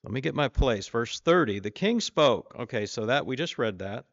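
A man's voice: lively intonation, moderate pace, no echo, highs cut off. A man giving an informal sermon, reading scripture and asking his listeners questions in a conversational way. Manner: voices the king boastfully, louder and higher. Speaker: preacher.

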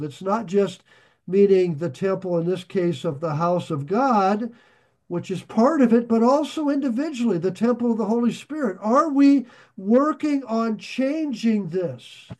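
A man preaching a sermon, reading scripture slowly and pausing to ask his listeners questions. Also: high-pitched, animated, dark tone. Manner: slow, deliberate, asks the listeners questions. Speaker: pastor.

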